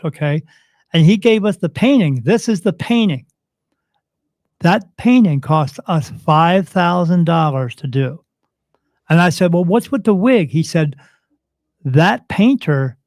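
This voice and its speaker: A man's voice: on the high side, no echo. A man, a spirit medium guest on an interview show, telling a story and acting out the dialogue of the people in it. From United States. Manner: animated retelling, acts out quoted dialogue.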